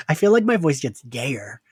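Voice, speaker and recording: A podcast co-host with a Philadelphia-area accent, talking in loose, animated chat. He laughs often and drops the odd curse. His voice sounds dry and close to the mic. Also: medium pitch, slow, breathy edge, no echo. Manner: chatty, laughs often, swears casually. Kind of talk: casual chat.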